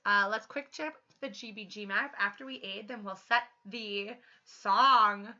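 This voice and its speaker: Bright, excitable woman streamer. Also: mid-range voice, a little slow. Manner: chatty and excitable, laughs often. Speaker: game streamer. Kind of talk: casual livestream chat. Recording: dull lo-fi audio.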